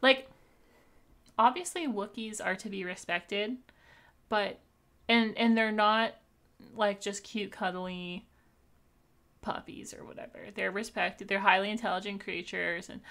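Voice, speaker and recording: A woman's voice: medium pitch, measured pace, pauses often, a bit bright. A young woman from Canada streaming live, chatting in a bubbly way with viewers and laughing often as she thanks them. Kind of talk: casual live-stream chat over gameplay.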